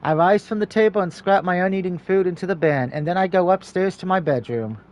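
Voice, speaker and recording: A man streaming a story game, reading its text aloud and breaking off for quick, joking asides. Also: high-pitched. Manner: mixes steady reading with quick, jokey asides.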